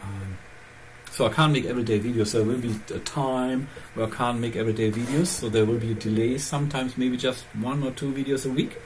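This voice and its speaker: A man's voice: mid-range voice, fairly even intonation, brisk, a little mellow, slight background noise, poor audio. A man hosting his own channel, chatting casually and rambling as he thinks aloud, with phrasing. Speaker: channel host. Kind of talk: casual chat.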